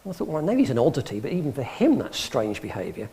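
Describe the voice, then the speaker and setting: A man's voice: mid-range voice, huge pitch swings, fast talker, mellow. A middle-aged English man, an antiques expert, giving a talk to a live audience in a public hall, telling dry humorous anecdotes and acting out the dialogue. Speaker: guest speaker, antiques expert.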